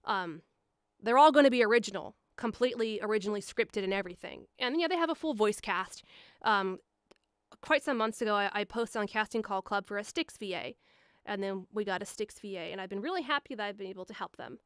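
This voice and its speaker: A young woman voice actor chatting on a live stream, rambling casually with lots of fillers and bursting into higher voices to act out quoted lines. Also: expressive, fairly quick, a bit bright, clean tone, dry recording, clean studio sound. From Milwaukee area. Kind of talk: casual live-stream chat answering viewers. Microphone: studio mic, a foot away.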